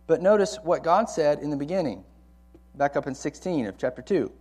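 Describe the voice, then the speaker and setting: A man's voice: a little high, expressive, fairly quick, a little mellow, slightly rough. Conversational man teaching the Bible. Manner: conversational, repeats key words for emphasis. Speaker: college ministry Bible teacher.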